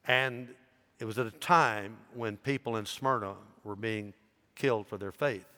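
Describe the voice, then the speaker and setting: A man's voice: on the low side, fairly even intonation, unhurried, bright, forceful tone. A man, a pastor preaching a sermon as he tells a story, with rising emphasis. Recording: long reverb in a large hall.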